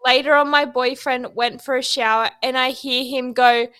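A woman's voice: high-pitched, steady tone, normal speed, a bit bright, clear, resonant tone, no echo. A woman, co-hosting a podcast and telling stories casually with lots of giggles. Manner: giggly storyteller, swears casually. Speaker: podcast co-host. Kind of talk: casual chat.

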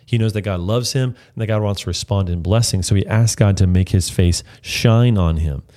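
A man giving a devotional Bible teaching in an earnest, reflective way, slowing down when he reads scripture aloud. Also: fairly low pitch, dark tone.

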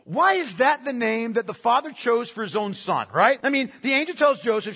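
A man's voice: very high voice, expressive, normal speed, hardly any pauses, a bit bright, husky, long reverb tail. A man preaching a sermon as pastor, emphatic, repeating key phrases and asking rhetorical questions.

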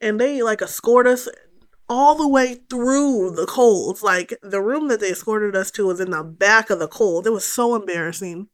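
A woman's voice: medium pitch, normal speed. A young woman telling a story in casual talk, swearing freely and acting out what people said. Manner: animated, profane, quotes people in raised voice.

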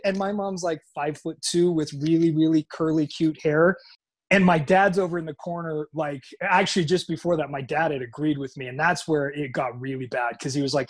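A man's voice: on the high side, fairly even intonation, fairly quick, slight background noise. A man from Utah, a podcast guest telling personal stories in casual chat, acting out the voices of people he quotes, with frequent restarts and swearing.

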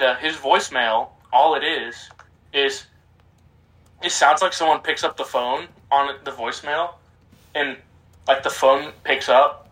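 A man's voice: medium pitch, sharp tone, poor audio. A man co-hosting a casual podcast, telling stories in a rambling way full of fillers. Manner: rambling, filler-heavy storyteller. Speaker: podcast co-host.

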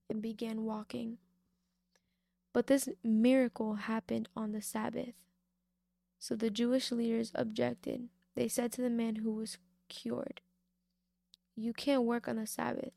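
A woman's voice: a little high, level tone, unhurried, creaky, warm tone, no room sound. A young woman giving a devotional talk, reading a Bible story and then reflecting on it in an informal way, repeating key points for emphasis. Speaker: faith speaker.

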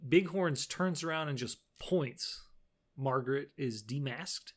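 A man's voice: a little high, takes it slowly. A man co-hosting a podcast, casually recapping a show episode, laughing often and quoting the characters' lines. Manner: laid-back, laughs often, retells scenes with quoted lines. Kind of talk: casual chat.

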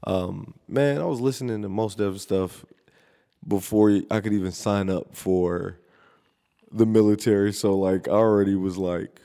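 A man co-hosting a podcast in casual chat, telling lively family stories and breaking into short sung snippets. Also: fairly low pitch, measured pace, gravelly, in a large hall. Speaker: podcast co-host.

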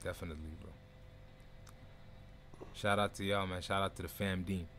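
A man's voice: deep voice, steady tone, normal speed, a bit bright, a little hiss or hum. A man hosting a live stream, laid-back and loose-tongued, swearing freely and dropping Arabic phrases. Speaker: host. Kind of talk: casual live stream chat.

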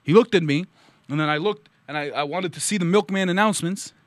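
A man's voice: high voice, fast talker, dry recording, natural voice. A man putting on the voice of a cranky older Vermont politician in a comedy story bit, ranting with stammering repeats. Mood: indignant. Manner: ranting, blustery, repetitive stammering. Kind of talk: comedy story bit, Bernie Sanders impression.

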